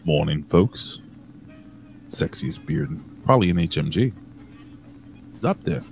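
A man co-hosting a casual podcast, joking loudly and giving shout-outs to viewers in the chat. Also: a bass voice, lively intonation, a little slow, gravelly, a little hiss or hum. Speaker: co-host.

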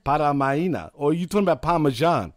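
A man's voice: a little high, lively intonation, normal speed, a little mellow. A male host recapping events in casual chat, laughing often.

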